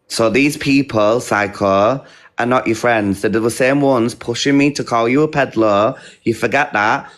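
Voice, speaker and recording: A man's voice: medium pitch, a bit bright. A man hosting a live stream, bluntly recounting a dispute and quoting others as he goes. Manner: blunt, recounting quotes in a rush. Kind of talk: heated casual storytelling.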